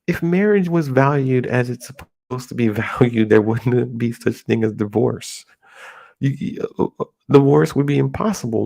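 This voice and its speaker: A middle-aged man from the United States talks off the cuff, his voice gravelly and set at a middle pitch. He rambles and halts, restarting his sentences as he goes, in a casual solo talk. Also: darkish tone. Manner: rambling, halting with many restarts and fillers. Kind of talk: casual monologue.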